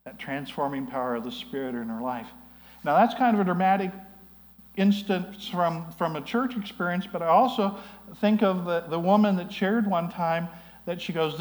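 Man, pastor, sermon, conversational storytelling, somewhat high-pitched. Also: moderate pace, low-quality recording. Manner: storytelling, conversational with frequent "you know".

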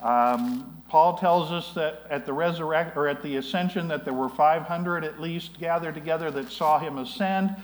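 A man's voice: fairly high pitch, low-quality recording. A man preaching a sermon, telling stories in a conversational way with frequent asides and restarts. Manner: storytelling, conversational with frequent "you know". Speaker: pastor.

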